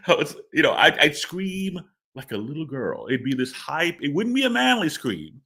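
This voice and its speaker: A man's voice: on the high side, very animated, normal speed, pushed and bright, husky. A man talking as a guest in a casual interview, rambling and stammering with repeated words and laughs. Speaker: comic book writer interviewed as guest.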